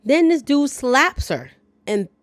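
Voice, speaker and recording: A woman's voice: sits high, very animated, slow pace, dry recording, studio quality. A woman hosting a casual movie recap, chatty, with playful asides and reactions to the story. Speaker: movie review host.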